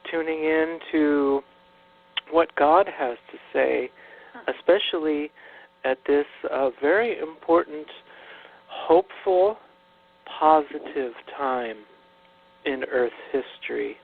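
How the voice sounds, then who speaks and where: A man talks earnestly as a radio interview guest, stumbling through fillers and restarts. His voice sits fairly high. It reaches us through a tinny phone line with a low hum under it. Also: slow, vocal fry, pauses often. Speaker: guest minister.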